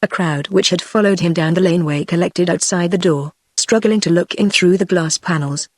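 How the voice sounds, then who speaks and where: A text-to-speech woman's voice with a British English accent, reading an audiobook in an even, measured way. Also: on the low side, no room sound. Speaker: audiobook narrator. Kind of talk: synthetic audiobook narration.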